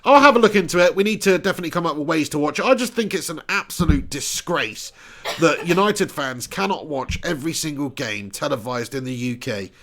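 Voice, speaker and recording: Brief: young man, casual live-stream host, slightly high voice, salty language. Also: animated, brisk, a bit bright. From Dorset, England. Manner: casual, chatty, swears freely. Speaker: football watch-along host. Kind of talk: live-stream commentary and chat.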